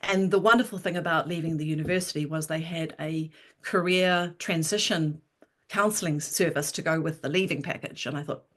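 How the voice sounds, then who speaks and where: A woman in her sixties, a writer and interview guest, telling her story with lively energy and frequent laughter. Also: low voice, a little fast. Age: 60s. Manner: animated storyteller, laughs often.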